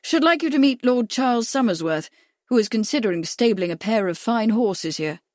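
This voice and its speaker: Woman playing a genial gentleman adviser. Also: fairly high pitch, animated, normal speed, dry recording, studio quality, lightly acted. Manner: genial, amiable, deferential. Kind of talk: audiobook character voice.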